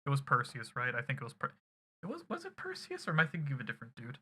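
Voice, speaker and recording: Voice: medium pitch, huge pitch swings, very fast, sharp tone, slightly rough. A streamer recapping a game to chat in a loose, rambling, casual way with some swearing.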